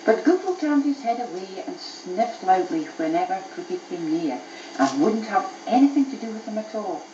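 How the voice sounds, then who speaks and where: A woman's voice: mid-range voice, very animated, normal speed, echoey room, lo-fi sound, background noise. A mother reading a bedtime story to her child aloud, telling it expressively, recorded on an old cassette tape.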